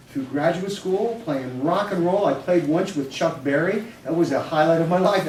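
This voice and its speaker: Animated male lecturer in an echoing hall. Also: on the high side, background noise. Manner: energetic, jumps between loud bursts and quiet asides. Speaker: psychology professor and speaker. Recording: roomy hall, distant microphone.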